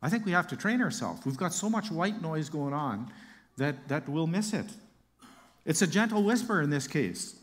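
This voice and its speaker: A man's voice: fairly high pitch, expressive, moderate pace, big-room sound. A man preaching a sermon, reading Bible verses aloud and explaining them with casual asides and light humor.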